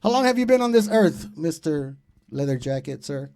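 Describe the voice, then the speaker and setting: A man in his thirties hosting a comedy show, doing loud, profane, teasing crowd work from a club stage. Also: fairly high pitch, very animated, moderate pace.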